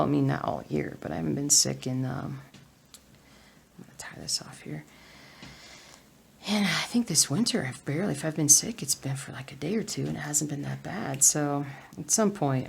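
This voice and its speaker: A woman chatting casually at home while she stitches, soft-spoken and often half-whispering her asides. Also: sits low, moderate pace, gravelly. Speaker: cross-stitch vlogger. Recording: steady background noise.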